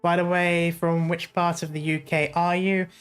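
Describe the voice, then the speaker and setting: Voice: medium pitch, little pitch movement, normal speed, clear, resonant tone, soft background music. A VTuber from Essex, England, reading game dialogue aloud and chatting casually between lines, laughing often. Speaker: VTuber streamer.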